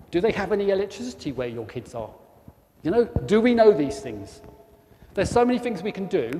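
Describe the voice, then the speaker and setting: A man's voice: fairly high pitch, darkish tone. Chatty South East English man in a church. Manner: chatty, keeps asking the audience tag questions. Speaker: guest speaker for a charity. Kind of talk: informal church talk to a congregation. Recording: long church reverb, faint noise.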